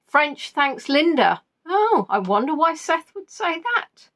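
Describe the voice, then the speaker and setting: A woman's voice: high-pitched, very animated, slow pace, fairly bright tone. A woman hosting a live online quiz, reading out players' answers and teasing them playfully. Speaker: quiz host.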